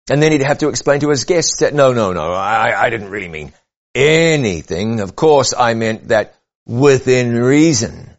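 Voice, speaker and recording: A man preaching a sermon, earnest and measured, rising and falling for emphasis. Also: medium pitch, a little mellow, dull audio.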